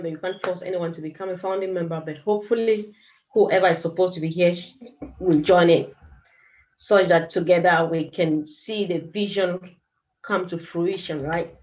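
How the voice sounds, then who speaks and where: Brief: woman host of a live chat, affirming and chatty, quick to giggle. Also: fairly low pitch, low-quality recording.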